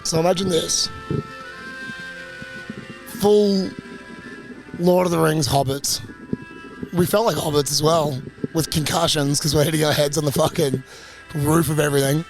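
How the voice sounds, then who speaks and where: A young man tells a travel story with plenty of laughter and swearing. His voice is slightly high and gravelly, recorded dry and close. Faint music plays underneath. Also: steady tone, a little slow, long pauses. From Australia. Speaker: podcast co-host.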